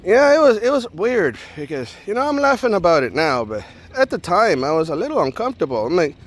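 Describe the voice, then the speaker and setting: Guy vlogging a wild story, high voice, super bouncy swoopy pitch, jokey, does voices for everyone. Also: a little fast. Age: adult with a young daughter. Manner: animated and joking, acts out the people in his story. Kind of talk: casual storytelling to camera.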